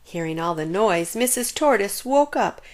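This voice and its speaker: A woman reading a children's picture book aloud in an expressive, sing-song storyteller manner. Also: medium pitch, moderate pace.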